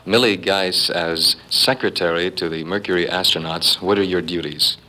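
Deep-voiced male reporter, crisp bright timbre, friendly questions. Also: moderate pace, rough recording. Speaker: interviewer. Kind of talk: broadcast interview.

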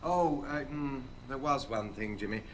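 A man's voice: medium pitch, slight background noise, natural voice. An actor playing an impatient stage producer who bosses his cast through a rehearsal in a radio play. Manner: brisk, impatient, commanding. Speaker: theatre producer directing a rehearsal.

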